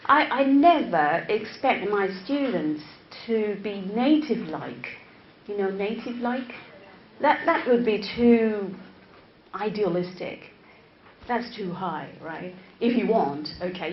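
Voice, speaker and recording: A woman professor whose first language is Chinese gives a classroom lecture to teachers, often repeating words and checking in with "right?". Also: mid-range voice. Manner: slow, deliberate, interactive with the audience. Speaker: English teacher-educator, professor. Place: lecture room. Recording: echoey, slightly dull room recording with faint noise.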